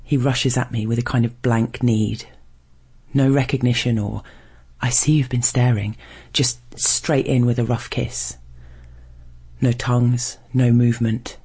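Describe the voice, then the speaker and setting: Man with a gravelly, husky reading voice. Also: mid-range voice, little pitch movement, measured pace, a little mellow. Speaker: reader of an erotic story. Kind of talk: first-person erotic story reading.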